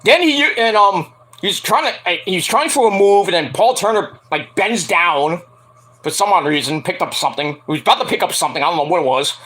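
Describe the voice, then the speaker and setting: A man's voice: high voice, a little fast, low-quality recording. A man giving a casual, profane wrestling recap, acting out quotes with lots of ums. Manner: animated, acts out quotes, frequent ums. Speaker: wrestling reviewer.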